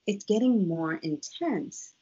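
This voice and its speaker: A woman with a slightly husky voice tells a personal story in an easy, conversational way. Her pitch swings all over as she acts out what each person said. The sound is dull and lo-fi. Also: slow pace. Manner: animated, lively, acts out quotes in other voices. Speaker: guest. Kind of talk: casual storytelling.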